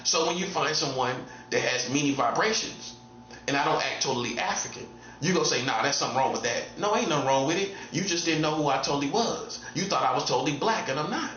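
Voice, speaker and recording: A man's voice: a little high, expressive, fast, a bit bright, echoey room, muffled recording. A man giving a casual preaching monologue as a self-styled prophet, repeating himself and hammering points home with rhetorical questions.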